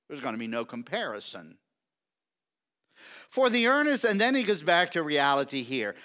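A middle-aged man preaching a sermon, emphatic and repetitive, stretching key words slowly. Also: a little high, sharp tone, clean tone. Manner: emphatic, repetitive preaching with slow drawn-out stresses. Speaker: pastor.

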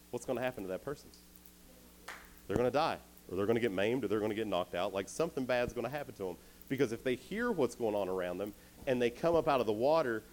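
A man's voice: mid-range voice, a little mellow. A young man giving a youth sermon, telling a story playfully and speaking directly to the crowd.

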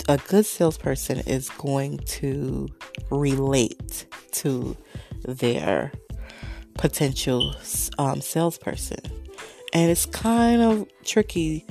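A woman hosting her own show, telling a story in a sarcastic, animated rant with frequent swearing. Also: a bass voice, vocal fry. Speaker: podcast host. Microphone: desk microphone.

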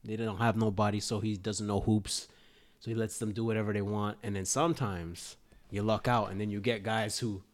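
A young man in casual conversation, telling a story with animated delivery, laughing often and acting out the lines he quotes. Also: lowish voice, normal speed. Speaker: former player, interviewer.

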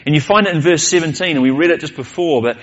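A man's voice: fairly high pitch, fast, highs cut off. A male pastor, preaching a sermon earnestly and posing rhetorical questions.

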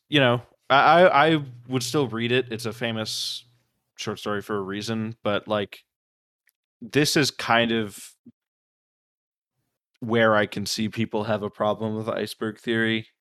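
Smooth low-voiced man musing hesitantly. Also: steady tone, a little slow, a bit bright, no echo, studio quality. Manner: hesitant, filler-heavy musing. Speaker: podcast co-host. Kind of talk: casual book discussion.

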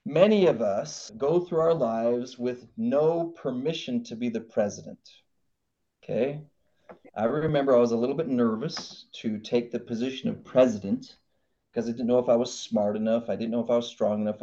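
An animated man from Idaho gives a motivational podcast talk, acting out voices, on a dull lo-fi recording. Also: mid-range voice, normal speed. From Idaho, United States. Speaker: podcast host.

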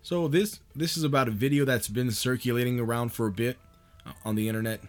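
Man, podcast host, casual monologue, profane, loose, laughing often, medium pitch. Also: quick pace.

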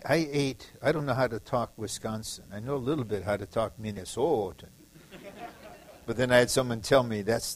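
A man's voice: medium pitch, breathy edge, no room sound, low-quality recording. A man from the Detroit area preaching a sermon, emphatic and repetitive, acting out short quoted lines. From Detroit area, USA.

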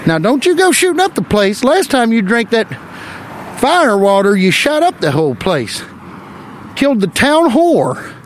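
A man's voice: very high voice, big pitch swings, unhurried, slight background noise, pitched above the performer's own voice, full character voice. A man doing a nagging old-west townsperson. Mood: chiding.

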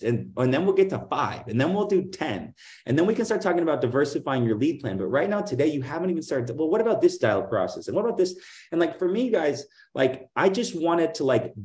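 A man's voice: medium pitch, roomy sound. A middle-aged man, a guest on an interview, talking casually and animatedly about selling, full of fillers and acting out other people's lines. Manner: animated, acts out dialogue in other voices; many fillers like "like" and "right?". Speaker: guest, insurance agency owner.

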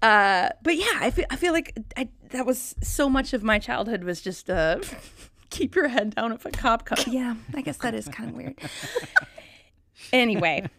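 A woman's voice: on the high side, expressive, normal speed, vocal fry, a bit bright, slight background noise. A woman in her thirties hosting a podcast, rambling in casual chat, swearing freely and laughing often. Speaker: podcast host.

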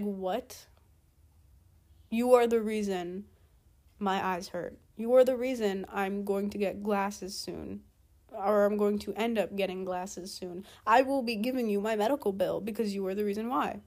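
A teenage girl hosts a podcast solo in an unhurried, medium-pitched voice, ranting casually and sounding exasperated. She swears and fires off rhetorical questions.

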